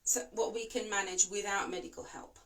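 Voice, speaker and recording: Woman breathing coach, english not her first language, soothing steady instructions, bit far from the mic. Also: medium pitch, fairly quick. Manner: calm, reassuring, demonstrates breaths. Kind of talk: instructional talk to camera.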